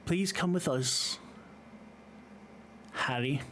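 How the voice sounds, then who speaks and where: A man voicing a calm, menacing male Russian thug with a heavy Russian accent, in a tabletop horror game. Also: on the high side, very slow, slight background noise. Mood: coolly menacing. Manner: calm, courteous threat.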